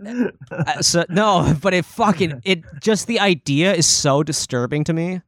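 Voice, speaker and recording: A man co-hosting a casual podcast over a video call, animated and profane, laughing often. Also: a little high, a little slow, no room sound, clean studio sound. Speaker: podcast co-host.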